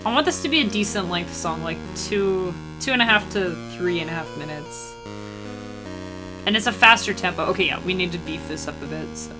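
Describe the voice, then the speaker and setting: A woman's voice: lowish voice, expressive, brisk. A woman streaming herself making chiptune music, chatting casually and rambling, reading viewers' chat aloud and humming melody ideas.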